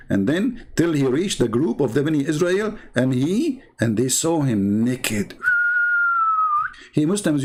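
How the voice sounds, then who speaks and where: A man's voice: a little high, darkish tone. Non-native guy hosting a commentary show, sarcastic and mocking, broken english. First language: not English. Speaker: show host.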